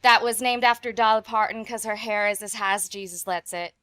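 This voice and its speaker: A woman's voice: medium pitch, fairly quick, fairly bright tone, smooth. A bubbly, giggly woman playing in a tabletop game, chatting casually on a remote home mic.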